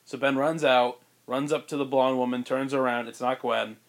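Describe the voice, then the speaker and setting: A man co-hosting a podcast, pitching a story in rambling casual chat with many fillers and frequent laughs. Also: fairly even intonation, normal speed. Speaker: podcast co-host.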